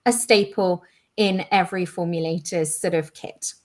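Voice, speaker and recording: A woman's voice: fairly low pitch, fairly even intonation, moderate pace, darkish tone. Chatty woman explaining with many fillers. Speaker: education manager co-hosting a live quiz. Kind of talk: casual live-stream chat.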